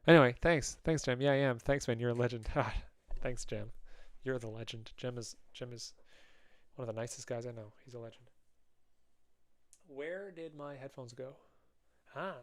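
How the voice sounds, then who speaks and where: A young man draws on a live stream while chatting casually with viewers, relaxed and joking. He speaks at medium pitch and normal speed, and a close mic picks up his heavy breathing.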